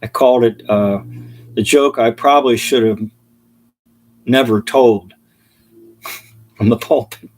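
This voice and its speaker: A man preaching, telling funny illustrations with chuckles as an animated storyteller. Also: mid-range voice, slow pace, pauses often. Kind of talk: sermon illustrations, storytelling jokes.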